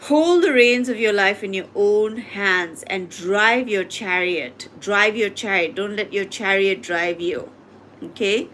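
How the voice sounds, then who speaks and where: A woman reads tarot cards live in a mid-pitched voice, speaking straight to her viewers and pressing them with repeated questions. The recording carries a faint hum of background noise. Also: slow pace, a bit bright. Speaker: tarot reader. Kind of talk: live tarot reading and coaching.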